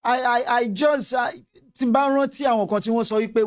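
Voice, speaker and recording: Nigerian accent, fervent political commentary, repetitive, mid-pitched voice. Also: fairly even intonation, a little fast. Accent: Nigerian, Yoruba-speaking. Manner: fervent, repetitive, switches between English and Yoruba.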